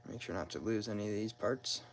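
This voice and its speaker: A man's voice: lowish voice, fast talker, a little hiss or hum, low-quality recording. A man talking casually as he works on an engine, rambling and joking at himself while explaining each step, recorded on a phone in a garage. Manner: rambling, self-deprecating, talks to himself while working. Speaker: car mechanic vlogger. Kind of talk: casual how-to narration while working. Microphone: phone propped nearby.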